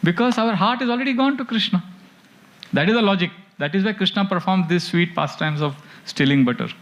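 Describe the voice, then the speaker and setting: A man's voice: high voice, fairly quick, muffled recording. A man teaching a devotional class, telling stories with animation and chanting verses. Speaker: spiritual teacher.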